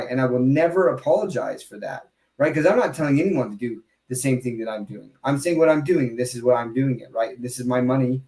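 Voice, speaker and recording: Animated man talking in an echoey room. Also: medium pitch. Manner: animated, emphatic, quick asides and restarts. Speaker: podcast host. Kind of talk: casual crypto podcast chat.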